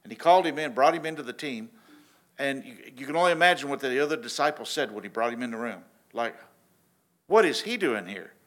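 A man preaching a sermon in a casual, animated storytelling way, often restarting his sentences. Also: mid-range voice, fast talker. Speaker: pastor.

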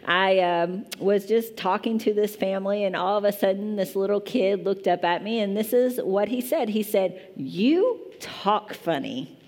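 A woman's voice: mid-range voice, steady tone, normal speed, few pauses, darkish tone. A woman pastor in her thirties from Kentucky with a strong Kentucky accent, preaching a chatty, self-deprecating sermon. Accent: Eastern Kentucky.

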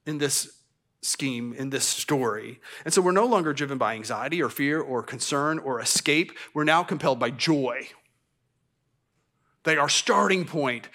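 A man's voice: fairly high pitch, fairly bright tone. Middle-aged male pastor, conversational sermon. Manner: conversational, self-deprecating asides and stammered restarts. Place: church sanctuary.

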